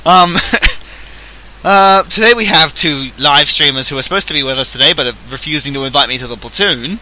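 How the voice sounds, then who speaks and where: Bright-voiced joking Australian man. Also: on the high side, a little fast, low-quality recording. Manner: jokey, self-mocking, theatrical. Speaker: streamer host. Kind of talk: casual gaming livestream chat.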